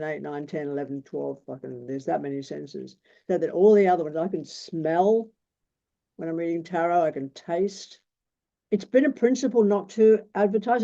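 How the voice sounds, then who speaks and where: A man's voice: on the high side, gravelly, warm tone. Blunt, swearing man in his sixties. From Australia. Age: 60s. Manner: blunt, swears freely, rambling anecdotes. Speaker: tarot teacher. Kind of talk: casual teaching talk. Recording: dull lo-fi recording.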